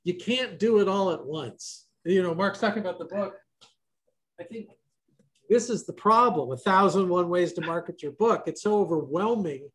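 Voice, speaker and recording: A man's voice: sits high, moderate pace, fairly bright tone. A man hosting a casual roundtable over a video call, loose and joking. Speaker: host.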